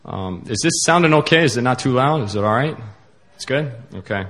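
Earnest male preacher, halting delivery. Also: mid-range voice, lively intonation, fairly bright tone. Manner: earnest, halting with many fillers. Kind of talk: sermon.

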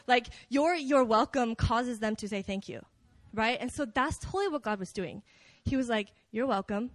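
A young woman giving a casual, story-driven talk at a church prayer meeting, chatty and animated, with many fillers. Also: a little high, dry recording. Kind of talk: conversational sermon.

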